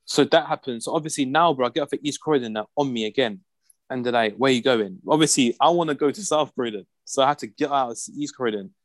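Young guy, slangy storyteller, middle pitch, dry close sound. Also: quick pace, dry recording. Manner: animated, slangy, acts out the people he quotes. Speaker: podcast regular. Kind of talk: casual storytelling rant.

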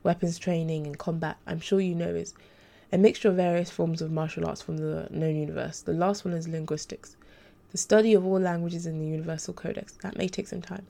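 A woman's voice: lowish voice, level tone, fairly quick, gravelly, mellow. A woman reading the part of a troubled young female angel tutor in a formal, hesitant, restrained way. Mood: earnest.

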